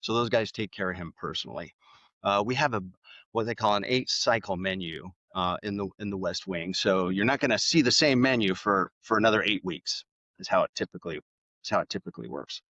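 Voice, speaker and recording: A middle-aged man, a podcast guest, telling stories in a relaxed way with lots of fillers and restarts. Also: on the low side, brisk, dry recording. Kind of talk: casual interview storytelling. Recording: slightly dull, dry sound.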